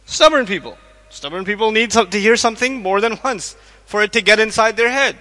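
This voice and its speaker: A man giving an animated religious lecture to a live audience, questioning listeners and acting out quotes. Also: high-pitched, a little fast. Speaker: Islamic lecturer. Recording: echoey hall.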